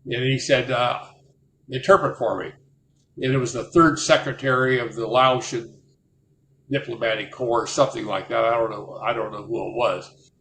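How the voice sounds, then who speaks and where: A man's voice: mid-range voice, fairly even intonation, normal speed, fairly bright tone, slight background noise. An older man, a retired Marine officer, tells rambling anecdotes, breaking off and restarting as he goes. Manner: rambling, self-interrupting storyteller. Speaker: retired Marine officer telling war stories. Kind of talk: anecdotal storytelling. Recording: roomy with faint ambience.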